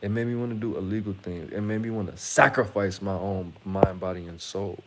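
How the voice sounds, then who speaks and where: Rambling, blunt man with a low voice. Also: steady tone, brisk, very noisy. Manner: rambling, blunt, profane, frequent restarts. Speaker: channel host. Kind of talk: casual monologue to camera.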